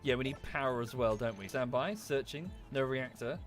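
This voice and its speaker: A man's voice: mid-range voice, normal speed, faint music behind. A man with an Estuary English accent chatting casually while playing a game, thanking viewers by name and thinking aloud. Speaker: streamer. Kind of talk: casual gameplay commentary.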